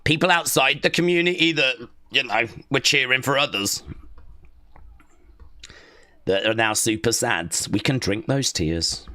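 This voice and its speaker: A young man hosting a wrestling watch-along live stream, reading chat aloud and cheering loudly. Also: medium pitch, unhurried, pauses often.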